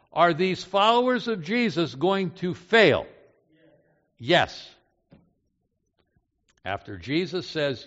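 A man's voice: fairly high pitch, very animated, slow, long pauses, a bit bright. A man preaching a sermon with emphatic delivery, repeating key phrases and asking rhetorical questions. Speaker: pastor. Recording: dull hall recording with long reverb.

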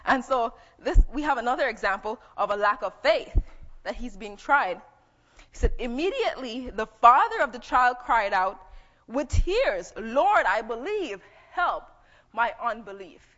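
A woman's voice: on the high side, sing-song, moderate pace, a bit bright. A woman preaching a sermon, teaching conversationally and reading scripture aloud. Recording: dull echoey hall.

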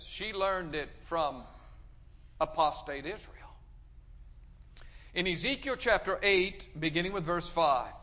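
A man preaching a sermon, emphatic, pushing his voice up loud and dropping it low. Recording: dull sound with long hall reverb.

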